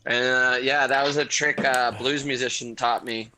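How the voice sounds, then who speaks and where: A man with an American accent, a musician telling stories in a relaxed, chatty way and laughing often. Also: medium pitch, moderate pace, slight background noise, poor audio. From South Florida, USA. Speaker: guest musician. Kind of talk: casual interview chat over beers.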